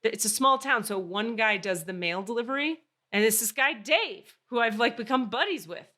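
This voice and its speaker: A woman hosting a podcast, telling a story in casual chat, animated and swearing freely. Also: a little high, normal speed. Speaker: podcast host.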